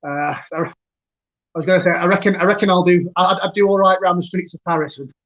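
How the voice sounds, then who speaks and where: A man hosting a virtual pub quiz over a video call, chatty, chuckling, and reading each question twice, slowly. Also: sits high, fairly bright tone. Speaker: quiz host. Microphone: computer mic on a video call. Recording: dull lo-fi video call audio.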